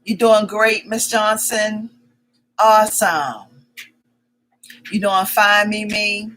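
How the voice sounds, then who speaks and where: Bright, chatty woman hosting a livestream. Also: medium pitch, steady tone, poor audio. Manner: chatty, repeats greetings and welcomes in quick strings; greets viewers by name as their comments arrive. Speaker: livestream host. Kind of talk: casual live-stream chat.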